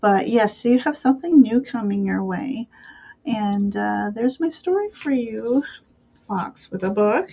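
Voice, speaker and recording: A woman co-hosting a spiritual card reading, speaking gently with many pauses. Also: medium pitch, expressive, creaky, highs cut off. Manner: slow, gentle, pauses often with um. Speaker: co-host, tarot reader.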